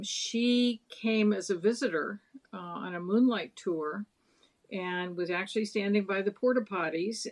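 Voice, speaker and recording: Chatty middle-aged woman telling stories. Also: mid-range voice. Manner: chatty, meandering, with frequent fillers. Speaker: lighthouse docent, guest. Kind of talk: casual interview storytelling.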